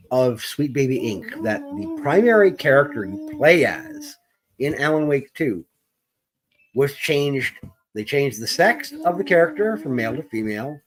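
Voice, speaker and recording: A man co-hosting a gaming podcast, ranting heatedly and profanely in wordy, formal language. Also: on the high side. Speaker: podcast co-host. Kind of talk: opinionated gaming discussion.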